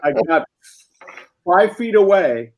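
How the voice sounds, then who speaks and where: Animated, somewhat high-voiced male storyteller. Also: takes it slowly, low-quality recording. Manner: animated storyteller who acts out quotes. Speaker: guest. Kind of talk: comedic anecdote on a talk show.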